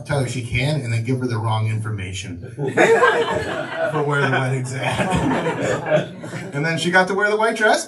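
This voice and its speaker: A male comedian doing laid-back crowd work, chuckling, halting over fillers. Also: a little high, recorded from a distance. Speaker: comedian and host. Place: comedy club stage. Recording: roomy club sound from afar, crowd. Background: audience laughter.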